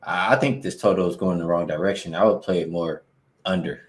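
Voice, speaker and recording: A man's voice: deep voice, steady tone, a little fast. A man co-hosting a betting show, brief, joking and profane. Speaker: sports betting show co-host. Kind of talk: casual sports betting talk.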